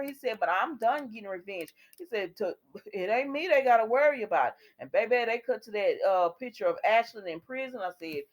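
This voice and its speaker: A woman's voice: medium pitch, lively intonation, a little fast. Chatty woman recapping a soap. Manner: chatty, retells scenes with quoted dialogue; talks directly to viewers. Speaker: soap opera recap host. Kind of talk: casual episode recap.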